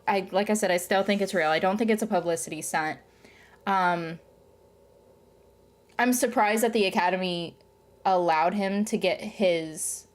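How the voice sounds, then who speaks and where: Rambling young woman vlogger. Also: mid-range voice. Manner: rambling, frequent "um" and "like", animated retelling. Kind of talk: casual chat to camera.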